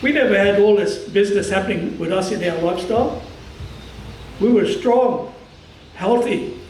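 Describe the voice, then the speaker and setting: An Australian man from the Cairns region giving an impassioned public speech at a commemoration, talking strong and forceful in halting phrases. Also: high voice, roomy sound, recorded from a distance, a little hiss or hum, low-quality recording. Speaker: community speaker at a commemoration.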